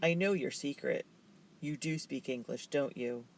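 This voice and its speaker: A man's voice: medium pitch, unhurried, a little hiss or hum, close to an everyday voice. A man reading aloud voices a bossy, stubborn older sister who talks sharply and insistently. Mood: exasperated.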